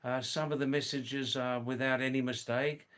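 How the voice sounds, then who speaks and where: Smooth-voiced middle-aged man chatting slowly. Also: mid-range voice, steady tone. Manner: slow, deliberate, gently corrects viewers' English. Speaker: livestream host. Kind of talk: casual chat reading viewer comments.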